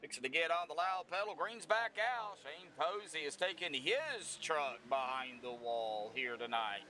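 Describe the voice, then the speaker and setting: A man's voice: fairly high pitch, expressive, unhurried, sharp tone. A man giving casual, folksy sim racing commentary. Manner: casual, folksy, breaks into laughter. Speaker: race commentator.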